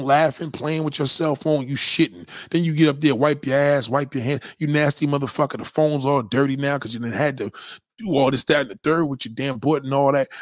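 Recorded in clean studio sound with no room echo, this man's mid-range voice carries a blunt, lecturing rant full of crude profanity as he hosts a livestream and reads messages from his chat aloud.

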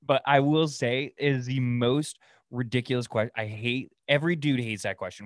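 A man's voice: medium pitch, fairly even intonation, normal speed, no room sound, clean studio sound. Profane rambling podcast ranter, man. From Oregon. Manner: profane, rambling, laughs at his own stories. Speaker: podcast host. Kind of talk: casual solo rant.

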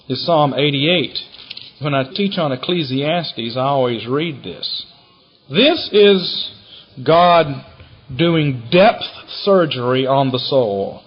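Husky preaching man on a dull recording. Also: a little high. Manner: animated preaching, reading scripture with rising intensity. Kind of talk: sermon.

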